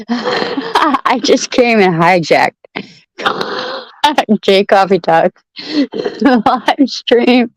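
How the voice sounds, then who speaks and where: A woman's voice: on the high side, no room sound, low-quality recording. A woman chatting casually on a live stream at home, swearing freely and laughing a lot between lines. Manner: profane, laughing a lot, yelling across the room. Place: home room with open window.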